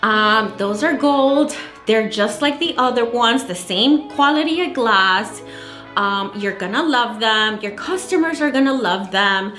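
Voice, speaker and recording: A woman mimicking an insistent female supplier in a higher, wheedling, reassuring voice. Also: lively intonation, a little slow, fairly bright tone. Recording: echoey room, faint music.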